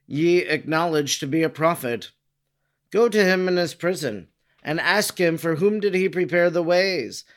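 A man narrating a religious text in a measured, formal reading. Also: on the high side, a bit bright.

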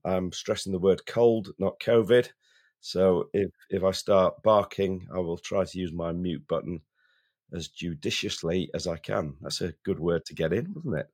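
Male co-host, lowish voice, has a cold, rambling casual chat with word repeats. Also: normal speed, darkish tone, slightly rough. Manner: chatty, repeats words while starting sentences. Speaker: podcast co-host.

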